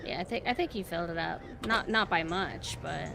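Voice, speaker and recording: A woman streamer with a brisk, gravelly voice gives casual gameplay commentary, chatting with her viewers and jumping to high squeals when flustered. The background is noisy.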